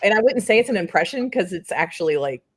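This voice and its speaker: A woman's voice: medium pitch, expressive, fast talker, a little hiss or hum. A woman from central Indiana hosting a casual chat, rambling and giggly, with plenty of filler words. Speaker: host.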